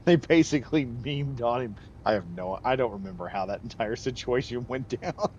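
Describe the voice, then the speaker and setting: A man's voice: medium pitch, lively intonation, normal speed, a little mellow, lo-fi sound, slight background noise. A man streaming a game, chatting casually and rambling off on tangents with frequent laughs. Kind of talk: casual live gameplay commentary.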